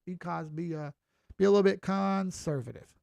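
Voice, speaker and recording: Chatty Southern man with a gravelly voice. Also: high-pitched, normal speed, a little mellow, no echo. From Southern United States. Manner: folksy, chatty, mild swearing. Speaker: crypto chart analyst. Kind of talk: casual market commentary.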